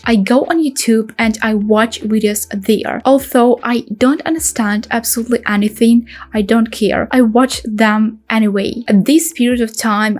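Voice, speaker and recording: Young woman, relaxed tutorial delivery, light raised pitch. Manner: relaxed, explanatory, non-native phrasing. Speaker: language-learning YouTuber. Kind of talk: casual instructional talk to camera.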